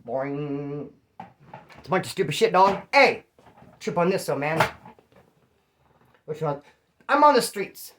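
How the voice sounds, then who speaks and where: A man's voice: sits high, very animated, normal speed, long pauses, a bit bright. A man casually telling stories in a profane, slangy way, acting out other people's lines as he goes. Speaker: former inmate storyteller. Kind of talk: casual storytelling.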